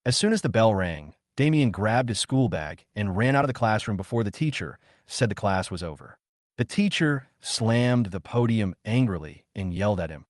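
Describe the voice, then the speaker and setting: A man narrating a comic story recap in a steady, scripted read. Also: on the low side, normal speed, no echo, studio quality.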